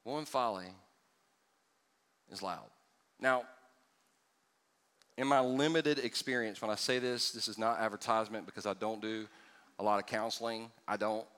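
Lively joking pastor, bright voice in a reverberant church hall. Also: male voice, lowish voice, normal speed, long pauses. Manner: animated and joking with the congregation, swinging from loud to hushed. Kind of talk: sermon. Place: church sanctuary before a congregation.

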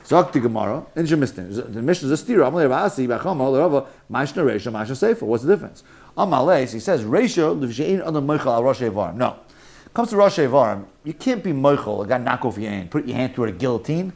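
A man teaching a lively Talmud class, mixing Hebrew and Yiddish terms and joking with his students. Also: mid-range voice, quick pace.

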